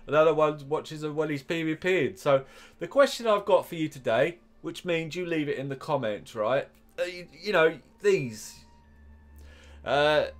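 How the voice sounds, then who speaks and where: A man with an English accent giving casual, rambling commentary while playing a game, drifting into chatty asides. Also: medium pitch. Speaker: gaming YouTuber.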